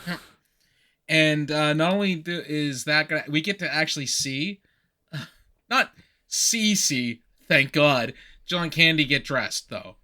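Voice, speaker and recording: A man co-hosting a podcast, recapping a movie in animated, rambling casual chat with frequent laughs. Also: a little high, takes it slowly. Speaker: podcast co-host.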